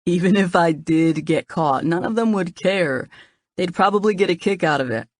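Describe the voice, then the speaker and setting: A woman narrator doing a laid-back, self-assured young man from a romance novel, calm and reassuring, spoken low in her own voice. dry, close studio sound with no room. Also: moderate pace, no room sound, natural voice. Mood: reasonable. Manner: relaxed, reassuring. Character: easygoing confident young man, boyfriend.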